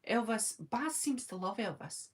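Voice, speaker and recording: A woman in her forties with a Scottish accent, casually chatting on a live stream and answering viewers' comments, talking fast when excited and filling pauses with ums. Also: a little high, breathy edge. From Scotland. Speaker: live-stream host reading chat.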